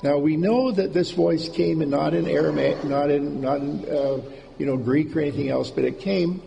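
Gravelly, mellow-voiced male preacher. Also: fairly high pitch, normal speed. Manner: informal, repeats key words for emphasis. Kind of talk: conversational sermon. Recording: reverberant hall with faint background noise.

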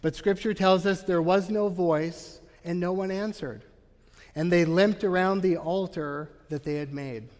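Male pastor, earnest sermon, slightly high voice, long hall reverb. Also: measured pace, a little mellow. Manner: earnest, emphatic preaching with frequent "Right?" asides.

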